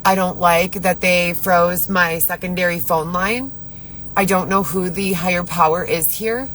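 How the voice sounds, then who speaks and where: A woman's voice: on the low side, steady tone, unhurried, a bit bright, a little hiss or hum, rough recording. A woman talking to camera in her car, rambling in an agitated, profane way as she vents to her viewers. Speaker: vlogger. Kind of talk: venting monologue to camera.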